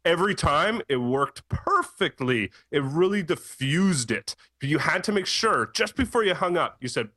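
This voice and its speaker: Male podcast co-host, plain-spoken and firm, bright forceful tone, dry recording. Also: a little high, animated, moderate pace, few pauses, no echo. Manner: firm, matter-of-fact, plays out phone calls. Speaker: business owner, podcast co-host. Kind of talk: casual podcast chat.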